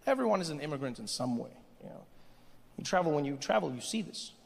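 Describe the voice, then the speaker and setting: A man doing stand-up comedy on a theatre stage, animated and storytelling. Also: on the high side, quick pace, vocal fry, a little hiss or hum. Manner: animated, storytelling, switches into voices. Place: theatre stage with live audience. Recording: live hall with crowd laughter.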